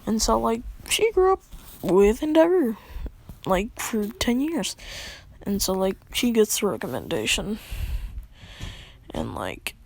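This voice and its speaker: A woman's voice: medium pitch, very animated, slow, gravelly, pauses often, a little mellow. A young woman casually telling a made-up fan story, rambling with lots of fillers.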